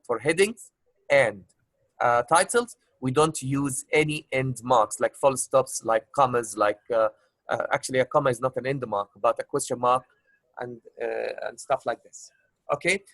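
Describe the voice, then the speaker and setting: A man's voice: mid-range voice, moderate pace, fairly bright tone, dry recording. A male teacher leading an online class discussion, who keeps rephrasing his questions with plenty of filler uhs and calls his students love. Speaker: English teacher.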